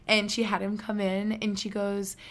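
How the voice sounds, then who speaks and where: A woman hosting a podcast in casual chat, bubbly and fast-talking, laughing often and a bit out of breath. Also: medium pitch, completely flat delivery, fairly bright tone. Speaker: podcast host.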